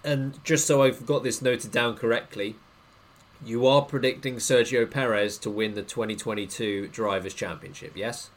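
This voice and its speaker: A man's voice: medium pitch, steady tone, normal speed. A man hosting a podcast, putting questions to his co-hosts in a wry, teasing way. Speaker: podcast host. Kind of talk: casual podcast chat.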